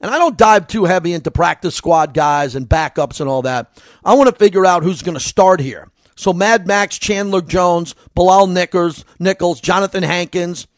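A man's voice: high-pitched, normal speed, dry recording. A man with a New York accent giving a solo sports commentary as host, in a conversational, rambling way.

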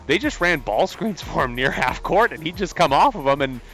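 A man's voice: on the high side, very animated, fairly quick, sharp tone. A man analyzing basketball on a sports talk show, explaining plays casually. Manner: explains plays conversationally, with fillers. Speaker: sports radio co-host and analyst.

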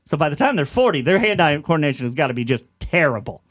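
A man in his thirties co-hosting a sports radio show, animated and laughing often as he riffs on bits. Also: on the high side, fast talker. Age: 30s. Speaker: radio co-host. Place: radio studio.

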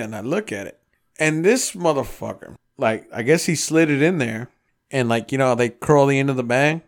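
A man's voice: mid-range voice, moderate pace. A man telling a rambling road-trip story in casual podcast chat, swearing freely and acting out the voices of everyone involved. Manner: profane, animated storyteller acting out dialogue.

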